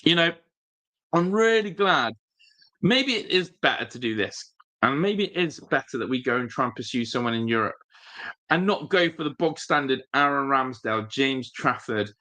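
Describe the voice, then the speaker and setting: A man hosts a casual football live stream, rambling through his thoughts and answering viewers' comments. His voice sits mid-pitch with a bright, forward edge, and he speaks with plenty of fillers and restarts. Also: animated, moderate pace. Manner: chatty, rambling, reads viewer chat aloud. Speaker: football fan channel host.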